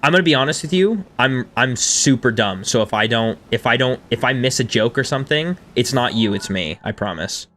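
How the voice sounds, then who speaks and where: A man in his thirties talks casually over a game he is streaming, chatting with his viewers and poking fun at himself. His voice sits at an ordinary middle pitch. Soft music plays faintly behind him on a desk microphone. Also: animated, a little fast, few pauses. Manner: chatty and self-deprecating, reading chat aloud. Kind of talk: casual live-stream chat over gameplay.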